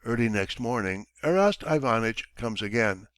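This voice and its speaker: Give me a man reading an audiobook in a steady, middle-pitched voice with a dry sound. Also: moderate pace, dry recording. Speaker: audiobook narrator. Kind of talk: scripted narration.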